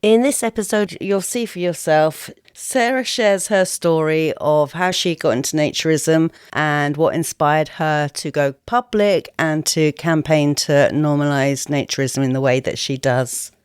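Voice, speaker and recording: A woman hosting an interview podcast, chatty and quick to laugh. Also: low-pitched, clean tone, no room sound, studio quality. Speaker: podcast host.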